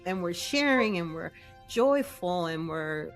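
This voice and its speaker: A woman's voice: lowish voice, animated, slow, soft background music. A woman guest in an interview, telling her story casually and acting out her own inner voice. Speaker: guest, essence maker.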